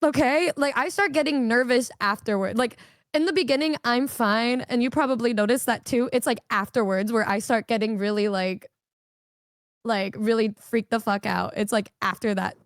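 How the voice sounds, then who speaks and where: A woman's voice: fairly high pitch, no echo, studio quality. A woman streamer chatting casually, rambling with lots of fillers and swearing. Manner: rambling, swears a lot, fast filler-heavy talk. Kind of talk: casual chat.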